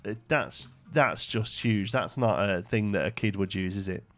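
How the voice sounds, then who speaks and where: Faint music plays in the background as a young man streams a building game live, thinking aloud and talking with viewers, his speech peppered with fillers. His voice is fairly low and he speaks at a normal speed in this casual commentary.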